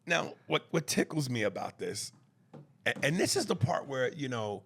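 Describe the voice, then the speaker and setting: A man's voice: medium pitch, very animated, normal speed, creaky, fairly bright tone, a little hiss or hum. A man co-hosting a podcast in casual chat, blunt and profane, punching his key words hard. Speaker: podcast co-host.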